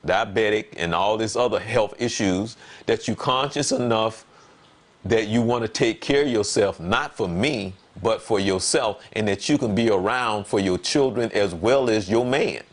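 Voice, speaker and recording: A man in relaxed conversation on a talk show, telling a personal story. He leans on words and repeats them for emphasis. When he acts out what he said, his voice leaps up animatedly. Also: lowish voice, normal speed. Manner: animated, voice jumps up when quoting himself. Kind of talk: casual conversation.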